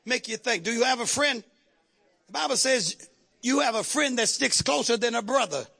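A man preaching a sermon to his congregation, calling out to the crowd and shouting at the peaks. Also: extremely high pitch, lively intonation, moderate pace, gravelly. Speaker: pastor. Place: church sanctuary.

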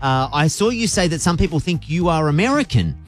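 A man hosting a radio show interview, upbeat and teasing, with quick asides. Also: a little high, expressive, soft background music. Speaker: radio host. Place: radio studio.

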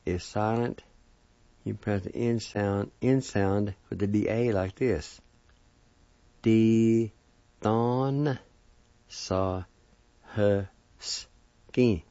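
A man giving a language lesson, spelling out words and slowly sounding out their syllables, repeating each one. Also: fairly low pitch, mellow, no echo, highs cut off. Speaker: language teacher. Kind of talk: slow word-by-word pronunciation lesson.

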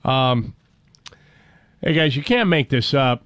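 A man's voice: mid-range voice, expressive, slow, a bit bright, dry recording. A man hosting a talk radio show, rambling sarcastically with many fillers. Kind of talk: casual talk radio banter.

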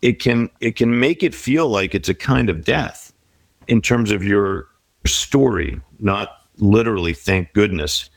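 A man's voice: lowish voice, a little slow, gravelly, no echo. A middle-aged man speaking as an interview guest, reflective and encouraging as he gives life advice. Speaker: guest author. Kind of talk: conversational interview.

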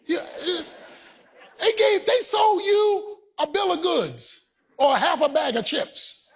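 A male pastor delivering a fervent sermon, shouting and half-singing his lines in a husky voice. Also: very high-pitched, expressive, takes it slowly. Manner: shouting, preaching with sung cadence.

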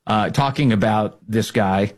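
A man hosting a political talk show, delivering opinionated commentary in an animated way and mocking the people he quotes. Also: lowish voice, a little slow. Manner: animated, mocking voices when quoting others.

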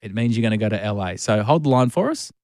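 A man co-hosting drive-time radio, playful and chatty with quick stammers. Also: on the low side, expressive, a little mellow, dry recording, studio quality. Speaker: radio co-host.

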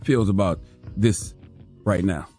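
A male radio co-host chatting casually, musing and joking with halting starts. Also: sits low, darkish tone, soft background music.

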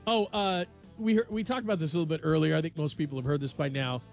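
A man hosting a sports radio show, chatting casually and telling stories with animated asides. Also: a little high, fast, creaky, faint music behind. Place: radio studio.

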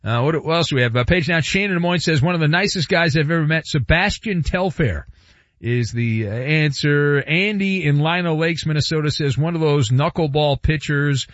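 A man's voice: a little high, moderate pace, no echo. A man hosting a sports radio show, bantering loosely and cracking jokes. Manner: wisecracking, loose, playful. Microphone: studio microphone. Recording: slightly dull broadcast audio.

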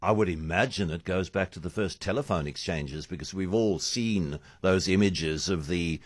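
A man's voice: low voice, normal speed, husky, dry recording, studio quality. A man hosting a call-in radio show, joking playfully as he takes callers. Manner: playful, jokey about name pronunciations. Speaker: radio talk show host. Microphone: studio microphone.

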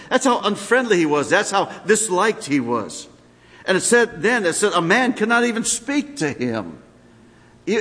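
Male pastor, high and animated delivery, preaching, hall reverb. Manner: animated preaching with sudden drops to quiet asides. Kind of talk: sermon.

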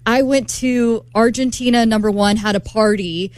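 A woman spins a lively tale on a morning radio show. She sits a touch high in pitch, animated and quick to laugh. Her voice is close and dry. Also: no echo. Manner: animated, laughing storyteller who acts out quotes. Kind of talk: casual morning-show storytelling.

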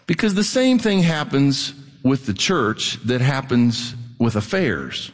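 A middle-aged male pastor preaching a sermon in an animated way, rising almost to a shout at his peaks. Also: medium pitch, unhurried, big-room sound.

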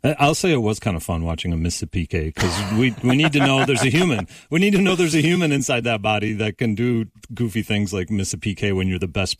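A man hosting a sports panel, upbeat and quick to laugh while he leads the talk. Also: fairly low pitch, no room sound, studio quality, far from the mic. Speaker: host. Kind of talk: casual sports chat.

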